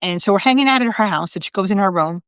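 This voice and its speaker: A woman's voice: medium pitch, expressive, fast, a bit bright, clear, resonant tone, no room sound, studio quality. A middle-aged woman, a psychic medium hosting a live video, telling a story in a chatty way with many fillers and quoted voices. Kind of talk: casual storytelling on a live stream.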